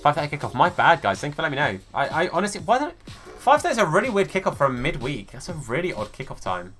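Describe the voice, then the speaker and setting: A man's voice: a little high, huge pitch swings, fast talker, fairly bright tone, soft background music. A man streaming a football video game, chatting casually with viewers and greeting them by name. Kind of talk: live gaming stream chat.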